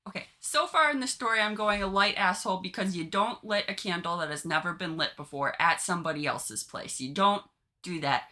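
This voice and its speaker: A woman's voice: on the low side, brisk, pushed and bright. A woman co-hosting a podcast, chatting and joking as she reacts to online stories, giggling often. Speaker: podcast co-host. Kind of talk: casual chat reading online stories.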